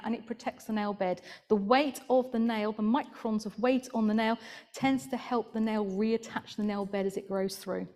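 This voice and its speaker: A woman podiatrist presenting slides at a conference, chatty and laughing at her own asides. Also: fairly high pitch.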